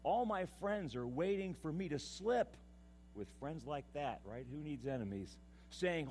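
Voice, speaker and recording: A man preaching a sermon, impassioned, swinging from loud declaiming to hushed, confiding tones. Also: fairly high pitch, lively intonation, a little slow, a little hiss or hum. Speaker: pastor.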